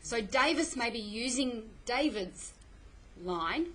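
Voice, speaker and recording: A woman's voice: fairly high pitch, expressive, slow pace, fairly bright tone, rough recording. A middle-aged woman teaching a play in a classroom, explaining patiently and often checking "okay?" with her students. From Australia. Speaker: English teacher.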